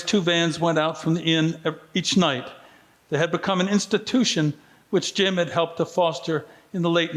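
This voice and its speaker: A man reading aloud from his own book at a literary festival, measured and steady, with quoted lines given brief lively voicing. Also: on the high side. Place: festival venue.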